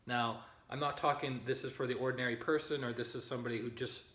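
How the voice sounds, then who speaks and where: A man's voice: mid-range voice, steady tone, fast talker, fairly bright tone. A man giving a live-streamed spiritual teaching, earnest and often checking in with his listeners. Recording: roomy echo.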